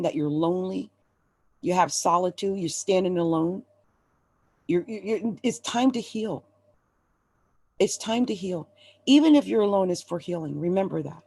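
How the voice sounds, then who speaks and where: An astrologer and tarot reader on a live stream speaks to viewers with urgent, emphatic encouragement, at times close to tears. Her voice is fairly low and carries no echo.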